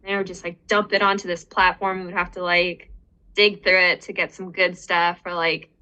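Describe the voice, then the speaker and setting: A woman in her twenties chatting casually as a podcast guest, relaxed and trailing off, with lots of filler words. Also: fairly low pitch, normal speed, dull audio. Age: 20s. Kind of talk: casual chat.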